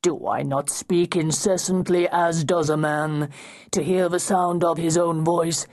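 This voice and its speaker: A woman narrating an audiobook, voicing a mysterious, powerful male spirit who speaks slowly and quietly with a cold, cryptic menace. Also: fairly low pitch, fairly even intonation. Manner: slow, quiet, drawn-out menace.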